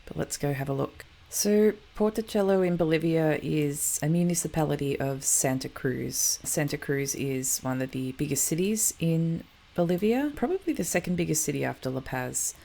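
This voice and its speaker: A woman's voice: sits low, lively intonation, normal speed, creaky, few pauses, mellow. A woman hosting a geography show, chatting casually over map footage and often correcting herself.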